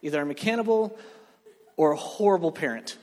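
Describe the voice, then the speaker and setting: A man's voice: on the high side, fairly quick, darkish tone. A man preaching a joking sermon, talking with the room and asking for reactions. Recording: long hall reverb.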